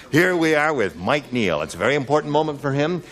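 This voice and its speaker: A man hosting a game show in a TV studio, chatting with contestants and tossing off quick jokes. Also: a little high, bright, forceful tone. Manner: joking, quick quips with the panel. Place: television studio. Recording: studio audience and music. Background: audience laughter and music.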